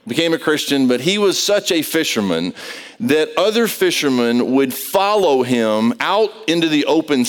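A man's voice: medium pitch, smooth. A man preaching a conversational sermon, telling stories and quizzing his congregation in a large church. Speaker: pastor. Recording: long reverb of a large hall.

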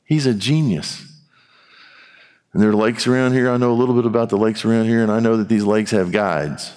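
Male pastor, lowish voice, lively storytelling sermon, echoing sanctuary. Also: a little fast, clear, resonant tone. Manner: animated storytelling, acting out dialogue.

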